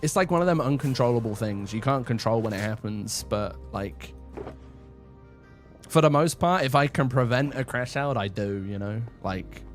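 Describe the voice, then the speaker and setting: Young male livestreamer, casual rambling chat, animated pitch, mid voice. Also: normal speed, faint music behind. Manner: rambling, chatty, self-deprecating.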